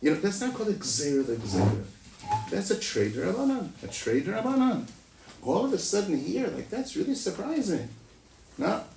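A man teaching Talmud in a lively sing-song, leaping up in pitch and tossing out rhetorical questions. His voice has a gravelly edge. He sits away from the mic in an echoey room, with faint noise underneath. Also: normal speed, recorded from a distance. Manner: rhetorical questions, often ending with "no?"; sing-song, animated delivery with sudden jumps in pitch. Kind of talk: animated Talmud lecture.

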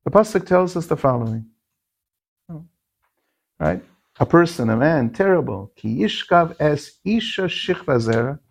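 Gravelly, lively man teaching Talmud. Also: on the high side, measured pace, pauses often. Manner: questioning, sing-song, frequent "no?" asides. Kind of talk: Talmudic lecture.

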